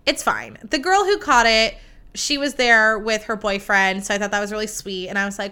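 A young American woman hosts her podcast in loose, chatty talk, swearing often and filling every sentence with likes. Her voice sits a little high and sounds bright and clean. She makes fun of herself as she goes. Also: expressive, moderate pace, clear, resonant tone. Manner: chatty, swears freely, full of likes, self-mocking. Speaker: podcast host. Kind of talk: casual chat.

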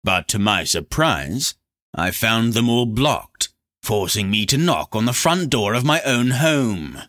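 A silky, scheming black sorcerer purrs his words with smug mockery, as a man puts him on. The voice sits a little higher than the reader's own and rings bright and forceful, with an audiobook reading feel. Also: big pitch swings, takes it slowly, exaggerated voice. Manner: purring, smug and mocking.

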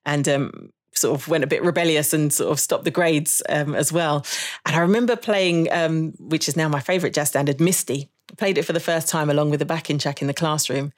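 A woman's voice: low-pitched, fairly quick. A woman, a jazz saxophonist being interviewed, telling stories about her school days in a reflective, chatty way with frequent laughter. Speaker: podcast guest, jazz saxophonist. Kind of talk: conversational interview.

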